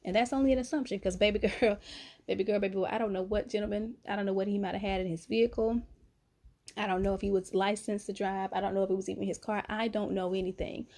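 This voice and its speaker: A woman's voice: medium pitch, fast. A young adult woman from North Carolina, telling a story in a casual vlog and calling her viewers honey and baby. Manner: chatty, animated, uses pet names like honey and baby. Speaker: vlogger. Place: at home, late at night.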